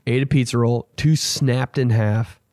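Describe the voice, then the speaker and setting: A man's voice: medium pitch, steady tone, unhurried, darkish tone, no room sound, clean studio sound. A young man hosting a podcast, telling rambling casual stories and acting out the people in them. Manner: rambling, acts out quoted people in his stories. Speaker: podcast host. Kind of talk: casual storytelling.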